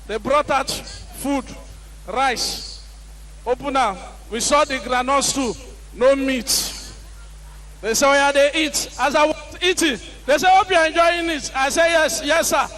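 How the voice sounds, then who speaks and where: A young man with a Nigerian accent doing animated stand-up comedy on a live stage, acting out the people in his stories. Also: very high-pitched, a little slow, poor audio. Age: young adult. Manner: animated storytelling, acts out quoted characters with shouts.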